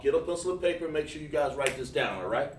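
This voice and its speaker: A man teaches a loose, chatty lesson to viewers as he draws on a board. His voice sits a little high for a man. He sounds a step back from the mic in a roomy, echoing space. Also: expressive, fast talker, far from the mic, a little hiss or hum. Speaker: Hebrew teacher on a livestream. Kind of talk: casual livestream lesson. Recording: echoey room, voice away from the mic.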